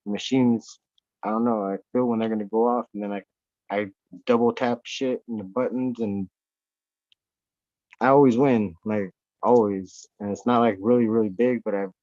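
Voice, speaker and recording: Profane, excitable male guest, slightly low voice, muffled remote-call audio. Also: normal speed, no room sound. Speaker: podcast guest. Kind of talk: casual chat. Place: off-grid homestead at night.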